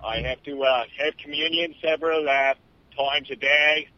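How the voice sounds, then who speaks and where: A man in casual political banter, joking drily and pausing often with "uh". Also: a little high, fairly even intonation, dry recording. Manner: dry jokes, halting with many uhs. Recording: dull lo-fi recording.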